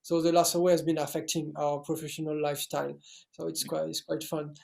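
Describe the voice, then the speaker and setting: French-accented young man, gravelly voice. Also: fairly high pitch, flat delivery, a little fast, a little mellow. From France. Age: young adult. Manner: hesitant, many fillers and restarts. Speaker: actor guest. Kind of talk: casual interview answers.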